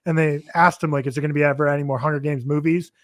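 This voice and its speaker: A man talks quickly and a little high as he hosts a casual film podcast. He runs animatedly through the news. His voice is dry and close, with little room sound. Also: steady tone, no room sound. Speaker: podcast host. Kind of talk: casual movie podcast chat.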